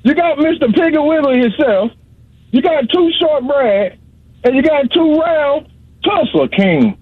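A man's voice: very high voice, sing-song, measured pace, no echo. A man, calling in from South Carolina and joking around with the host in casual banter. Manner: teasing, joking. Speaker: caller. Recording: tinny phone line.

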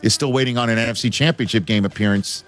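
A man hosting a casual sports talk show, animated and joking, laughing often. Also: medium pitch, fast, faint music behind.

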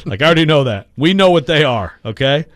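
A man's voice: a little high, dry recording. A man hosting a sports radio show in casual, sarcastic banter from a studio mic. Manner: animated, sarcastic, quick asides. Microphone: studio microphone.

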